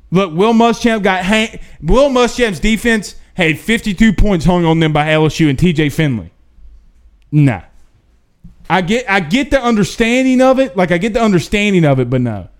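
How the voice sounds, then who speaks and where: A male sports talk show host chats casually on a live stream, reading out viewer questions with a folksy drawl. His voice sits high and he speaks at a normal speed, staying animated and throwing in folksy asides.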